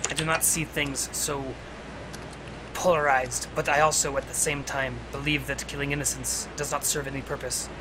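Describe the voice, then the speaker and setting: A man playing a tabletop role-playing game, speaking earnestly and in a measured way in character. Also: medium pitch, level tone, noisy background. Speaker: player.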